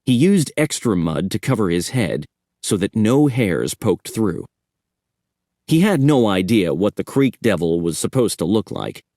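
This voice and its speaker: Slow expressive male audiobook narrator. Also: lowish voice, no echo, clean studio sound. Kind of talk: scripted horror audiobook narration.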